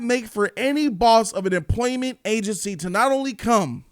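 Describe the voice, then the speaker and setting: A man hosting his own movie review channel, talking casually and ranting with animated outbursts as he retells scenes. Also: sits high, normal speed, no echo, clean studio sound.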